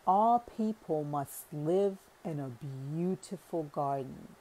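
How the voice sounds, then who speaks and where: A woman narrating an audiobook parable in a deliberate reading voice, now and then correcting a word. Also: low voice, animated, warm tone, a little hiss or hum, poor audio. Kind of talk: scripted narration.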